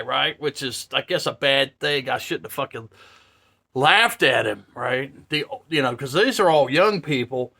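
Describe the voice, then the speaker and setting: A man in his fifties telling a story casually to camera, swearing often and laughing. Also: on the high side. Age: 50s. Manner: profane, laughing, animated. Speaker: vlogger.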